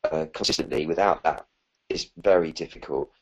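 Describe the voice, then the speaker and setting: A man's voice: a bass voice, fairly quick, breathy edge, poor audio. A man answering questions as a spiritual teacher in a live talk, earnest and rambling, with many fillers and restarts.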